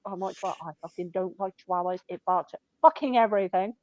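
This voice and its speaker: A woman's voice: mid-range voice, lively intonation, fast talker, few pauses, darkish tone, dry recording, lo-fi sound. A woman telling blunt, sweary stories about her shop customers in casual chat.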